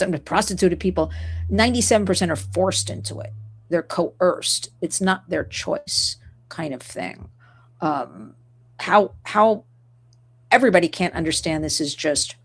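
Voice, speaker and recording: A woman hosting an interview, passionate and talking in quick bursts that jump from point to point. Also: lowish voice. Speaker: host. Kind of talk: conversational interview.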